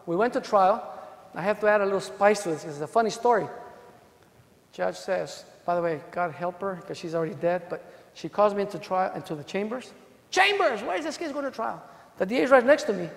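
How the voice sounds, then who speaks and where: A high-voiced man telling courtroom stories to a conference crowd, animated and casual with frequent asides. He speaks in a hotel ballroom, and the sound carries a long echo. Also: brisk, gravelly. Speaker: defense lawyer presenting at a legal conference. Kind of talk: storytelling conference talk. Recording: long echo of a large hall.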